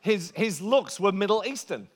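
A man's voice: high voice, very animated, normal speed, slightly rough. A man preaching a sermon to a church gathering, earnest and emphatic, stretching out the words he stresses. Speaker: pastor.

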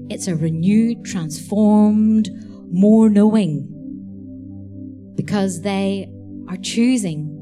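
A woman preaching a sermon, telling lively stories and laughing as she acts out the people in them. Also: mid-range voice. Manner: animated, laughing storyteller. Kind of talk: sermon storytelling.

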